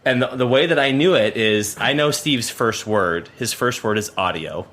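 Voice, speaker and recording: A man's voice: medium pitch, expressive, moderate pace, a bit bright, a little hiss or hum. A man producing a podcast, chatting casually and rambling with lots of fillers and restarts. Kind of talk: casual chat.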